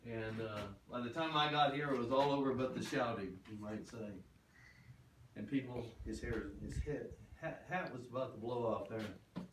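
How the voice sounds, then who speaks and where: A man's voice: mid-range voice, normal speed. An older man guiding a tour through an old wooden building, telling stories in a chatty way and acting out the voices of the people in them. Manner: chatty, acts out quoted voices. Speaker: ghost town guide. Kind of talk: storytelling tour talk. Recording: roomy, distant, noisy camera audio.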